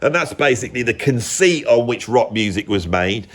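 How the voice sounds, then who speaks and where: A man's voice: medium pitch, lively intonation, moderate pace. A British man in his fifties, a music vlogger giving a rambling, mocking casual rant peppered with mild swearing. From Britain.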